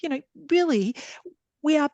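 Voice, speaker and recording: A woman's voice: high-pitched, expressive, normal speed, a little mellow, no room sound. A woman doctor on a video call, explaining things earnestly through examples in a panel discussion. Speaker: general practitioner.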